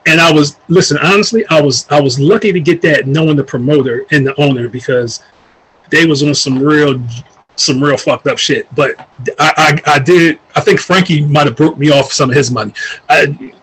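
A man casually telling a long story, animated and profane, acting out what people said. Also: a little high, normal speed, slight background noise, low-quality recording. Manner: animated, profane, acts out quoted voices.

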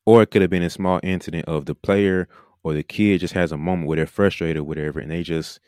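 Man, very deep voice, podcast host, casual animated monologue, dry close mic. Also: fast talker, clean tone, no echo. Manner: animated, mimics coaches mid-sentence. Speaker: podcast host and basketball coach.

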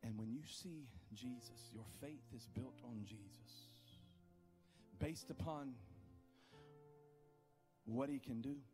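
A man preaching a sermon, building to loud impassioned peaks and dropping to low, quiet questions. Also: takes it slowly, pauses often, over music. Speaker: pastor.

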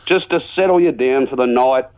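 A man's voice: medium pitch, fairly quick, phone-quality sound, lightly acted. A man playing a folksy, matey rural bloke with an Australian accent, phoning in to a comedy radio sketch. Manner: rambling, folksy, jokey. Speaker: regular caller.

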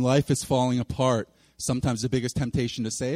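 A man preaching a sermon as pastor in a church, animated and acting out the voices of people he quotes. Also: medium pitch, a little fast, in a large hall. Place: church sanctuary.

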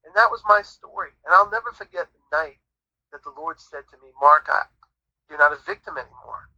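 A man's voice: fairly high pitch, lively intonation, fairly quick, sharp tone, no room sound. A man giving his faith testimony as an interview guest, in an earnest, preacherly storytelling manner, on muffled audio. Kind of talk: conversational Christian testimony.

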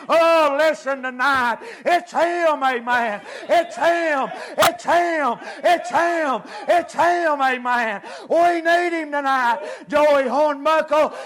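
A man preaching a revival sermon in a drawl, his voice pitched very high. He takes it slow and drawn out, building through chanted repetitions into shouts.

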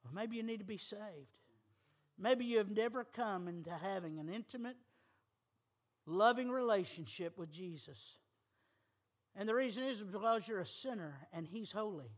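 A man's voice: high voice, big pitch swings, measured pace, long pauses, fairly bright tone. A middle-aged man preaching a sermon as pastor, emphatic and folksy, with humor.

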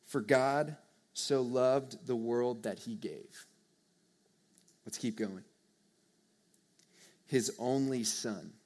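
A young man preaching a sermon to a live audience, earnest and conversational, swinging from hushed to loud emphasis. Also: medium pitch, extremely slow, long pauses. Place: church or meeting hall with a live audience.

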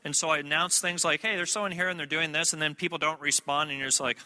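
A man's voice: a little high, brisk, bright, forceful tone. A man preaching a sermon as a traveling minister, telling a story in a conversational way with asides to his listeners. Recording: long reverb of a large hall.

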